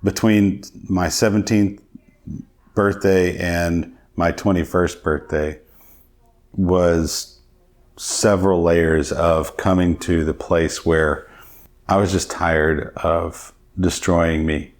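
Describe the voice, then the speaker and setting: A man's voice: deep voice, level tone, slow. A middle-aged man, a podcast guest, telling his personal testimony in an earnest, reflective way.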